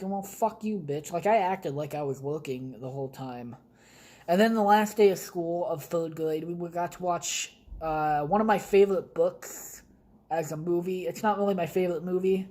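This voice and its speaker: A man's voice: fairly high pitch, darkish tone, low-quality recording. A young man hosting a podcast from his home basement, telling rambling stories casually with blunt, heavy swearing. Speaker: podcast host. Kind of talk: casual storytelling monologue.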